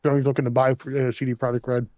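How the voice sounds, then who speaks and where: Animated man saying "dude" a lot. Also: medium pitch, quick pace, no echo. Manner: animated storyteller, says "dude" often, laughs mid-sentence. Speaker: co-host. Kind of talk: casual gaming chat.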